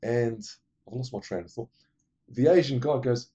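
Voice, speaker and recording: A man's voice: mid-range voice, mellow, slightly rough, highs cut off. A man casually retelling a film plot, rambling and swearing, losing his thread now and then. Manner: acts out the characters' lines in quick impressions.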